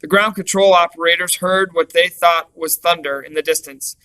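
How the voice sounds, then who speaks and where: A man reading a lesson text aloud in a clear, steady way, with the odd small self-correction. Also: a little high, moderate pace, rough recording. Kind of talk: read-aloud lesson narration.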